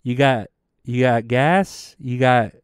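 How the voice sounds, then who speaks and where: A young man putting on a rough impression of a blustering older politician giving a rally speech. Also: mid-range voice, slow pace, no room sound, studio quality, lightly acted. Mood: pompous.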